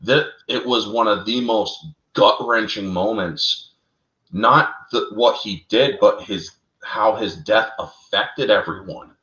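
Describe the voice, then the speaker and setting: A man with a fairly low voice tells story lore in an animated, chatty way and keeps calling his listeners "folks". The sound is roomy and a little dull, like a lo-fi home stream. It is casual talk among fans. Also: slow. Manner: animated, addresses listeners as folks, laughs at own slips. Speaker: co-host of a fan lore talk show.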